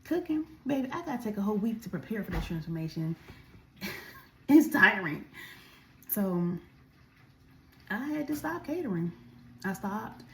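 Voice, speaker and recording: A woman's voice: mid-range voice, very animated, moderate pace, pauses often, a bit bright, slight background noise. A woman vlogger telling a story in a chatty, casual way while she eats, speaking straight to her viewers. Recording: echoey room.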